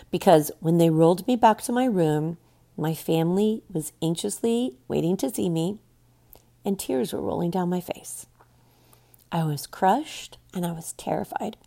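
A woman's voice: fairly low pitch, creaky, mellow. A middle-aged woman hosting a podcast, talking about her own experience in a candid, wry and blunt way. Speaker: podcast host. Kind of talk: reflective personal talk.

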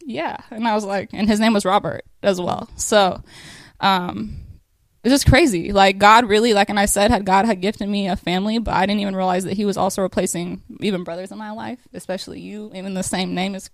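Woman, AAVE speaker, emotional family tribute, halting and teary with nervous laughs, close dry recording. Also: mid-range voice, fairly even intonation, vocal fry, dry recording. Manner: tearful, laughing through emotion, many fillers. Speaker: family member giving a thank-you speech. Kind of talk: emotional casual speech.

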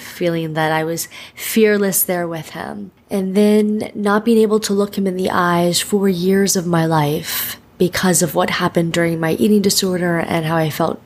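A woman hosting her podcast, speaking in an earnest, emotional, reflective way as she introduces the episode. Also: on the low side. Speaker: podcast host. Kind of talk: heartfelt podcast intro monologue.

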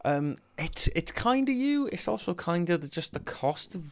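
A man co-hosting a podcast in loose, joking banter, cursing freely with a few drinks in him. His voice has a gravelly, fry-laden edge. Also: high-pitched, big pitch swings, normal speed. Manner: jokey, swears freely. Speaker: podcast co-host. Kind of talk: casual boozy banter.

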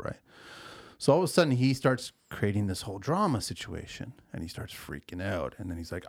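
A lower-pitched man with a gravelly edge tells a job-site story in casual podcast chat. His delivery is animated and swings widely in pitch, and he laughs easily as he talks. The sound is dry and close. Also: fairly quick. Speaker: podcast co-host.

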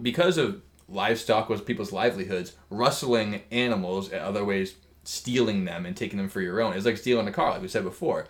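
A man co-hosting a casual podcast, cracking crude jokes and spinning long asides. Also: on the low side. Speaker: podcast co-host.

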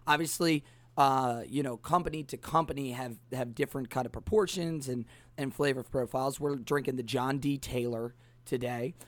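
A man's voice: medium pitch, moderate pace, dry recording. Male podcast host, casual cocktail chat, lots of ums, dry close sound. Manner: rambling, many fillers.

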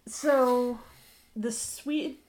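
A woman's voice: a little high, fairly even intonation, extremely slow, a little mellow. An American woman co-hosting a podcast, explaining things knowledgeably in casual chat with a few restarts. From United States. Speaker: podcast co-host.

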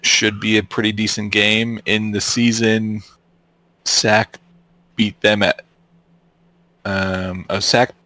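Male podcast co-host, low voice, relaxed and halting. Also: no room sound. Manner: laid-back, hesitant, many ums. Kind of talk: casual sports chat.

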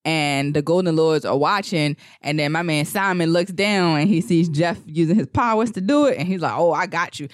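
A man's voice: a little high, moderate pace, hardly any pauses, dry recording, clean studio sound. A man co-hosting a podcast, casually retelling a film's plot in a rambling way and acting out characters' lines. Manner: rambling storyteller, acts out lines. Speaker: podcast co-host. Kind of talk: casual movie recap.

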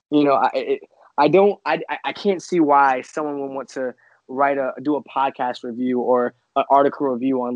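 A man's voice: mid-range voice, a little mellow, dry recording. A male actor talks about his film with humble gratitude. He stops and restarts often and leans on fillers. His audio sounds muffled and dry, as if sent over a remote link. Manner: humble, grateful, halting with many fillers. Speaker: actor guest. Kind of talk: casual interview.

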